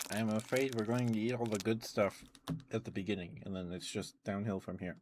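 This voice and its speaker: A man doing soft-spoken ASMR on a stream, chatting relaxed while eating candy into a close mic. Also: on the low side, a little hiss or hum.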